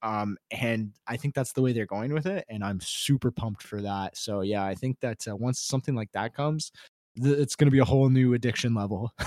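A man co-hosting a casual gaming chat, talking in a relaxed, rambling way full of fillers. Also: medium pitch, moderate pace, no room sound, studio quality. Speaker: podcast co-host.

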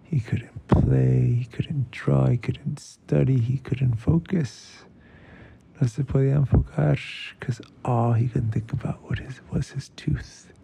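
A man telling a bedtime story in a hushed voice that often drops to a whisper. He speaks slowly, with a very dark, mellow tone and a heavy gravelly texture. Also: medium pitch, fairly even intonation. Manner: hushed, often whispering, mixes in Spanish phrases. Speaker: storyteller host.

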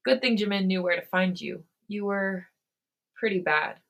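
A woman's voice: mid-range voice, normal speed, a bit bright, natural voice. A woman voicing a blunt young man, scared underneath and short-spoken, in a fan fiction read aloud. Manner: blunt, clipped.

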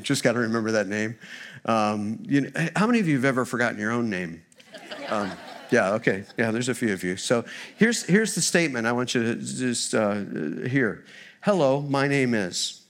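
A man preaching a sermon in a church as a guest speaker, a former missionary who tells funny stories in an animated way. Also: on the low side, fairly quick. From United States. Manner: storytelling, humorous and animated.

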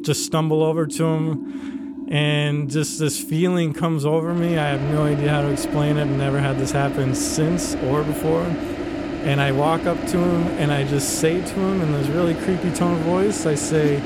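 A podcast co-host with a slightly raised pitch spins a story in a loose, animated way, laughing and cursing freely. Loud ambient noise runs beneath his voice throughout. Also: normal speed. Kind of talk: casual storytelling.

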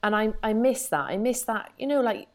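A woman's voice: on the high side, animated, a little fast. A middle-aged woman, a podcast co-host chatting animatedly and laughing often. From Wales. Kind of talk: casual chat.

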